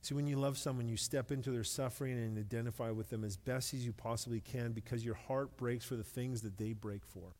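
A middle-aged man preaching a sermon in a relaxed, conversational way, with light self-deprecating humor and words repeated when he stresses a point. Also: mid-range voice, brisk, few pauses. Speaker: pastor. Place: church sanctuary with long reverb. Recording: long hall reverb.

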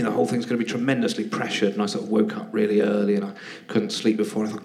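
A man's voice: lowish voice, little pitch movement, rapid-fire, few pauses, a little mellow. A man telling rambling, self-deprecating anecdotes as a guest on a live podcast, often laughing mid-sentence. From Britain. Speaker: guest comedian and actor. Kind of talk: casual anecdotal chat. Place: theatre stage, live podcast.

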